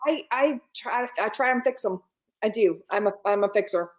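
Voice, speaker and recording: A giggly woman co-hosts a movie podcast in easy conversation, her voice a little high. She talks animatedly and pokes fun at herself. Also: normal speed. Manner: giggly, animated, self-deprecating. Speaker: podcast co-host. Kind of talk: casual movie podcast chat.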